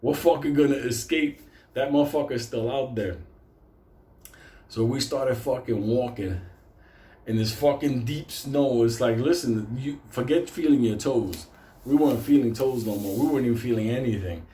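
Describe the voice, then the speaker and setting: A man casually telling a story, animated and swearing constantly. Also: mid-range voice, moderate pace, roomy sound.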